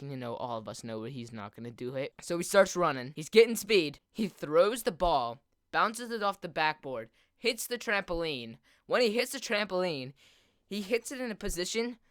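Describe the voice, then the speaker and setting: While gaming, a teenage boy tells a long, rambling story for his video, using "like" almost constantly. His male voice runs on the high side, a bit bright and very animated, at a moderate pace. It's recorded at studio quality with no room sound.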